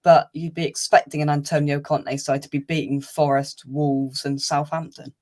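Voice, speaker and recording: A man co-hosting a casual football talk stream, giving steady analytical points with the odd "um". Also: on the high side, normal speed. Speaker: co-host.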